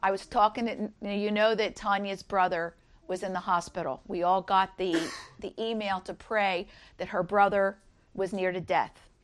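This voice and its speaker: Reading scripture and recounting her own stories, a middle-aged woman delivers a sincere Easter devotional at a normal pace. Her intonation stays fairly even, though she rises high when quoting others.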